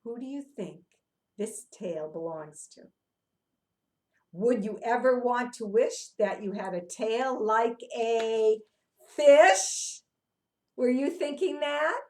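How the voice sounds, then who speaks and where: A woman's voice: on the high side, animated, slow, darkish tone. A woman leading young children through an interactive read-aloud, coaxing them with questions and sing-song chants. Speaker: children's movement teacher.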